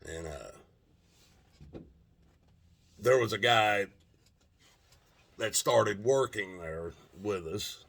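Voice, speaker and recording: A man with a somewhat low, gravelly voice tells a long personal anecdote. He rambles, restarts his sentences and swears freely in a relaxed, casual way. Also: very slow, long pauses. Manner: rambling, profane, frequent restarts. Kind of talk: casual storytelling.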